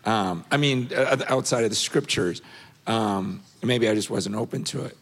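A middle-aged man giving an earnest, animated personal story as a guest on a panel. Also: normal speed. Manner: earnest, animated storytelling, rising in pitch when intense.

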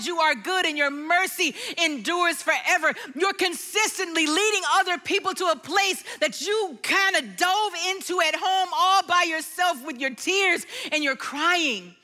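Middle-aged woman preaching her testimony, slow and bright, goes hushed then sings lines. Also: sits high. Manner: expressive storytelling, drops to hushed tones, sings quoted lyrics. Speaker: worship leader giving testimony. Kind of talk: sermon testimony.

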